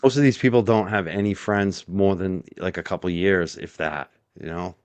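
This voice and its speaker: A man chatting on a livestream, telling stories in an animated way. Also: low-pitched, moderate pace, clean tone, no room sound. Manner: animated, storytelling. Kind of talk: casual livestream chat.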